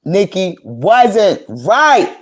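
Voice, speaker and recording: A woman's voice: medium pitch, sing-song, extremely slow. Woman ranting hard, cussing a lot, aave, keeps repeating herself, heated casual commentary. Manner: heated, profane, repetitive ranting. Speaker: commentary vlogger. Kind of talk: casual commentary, reading tweets aloud.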